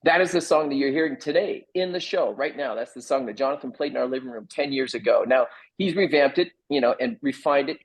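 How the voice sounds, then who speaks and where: A middle-aged man, a playwright, telling an animated anecdote and acting out other people's lines as he goes. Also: mid-range voice, fast, slightly rough, rough recording. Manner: lively, acts out other people's lines in quoted voices. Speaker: playwright guest.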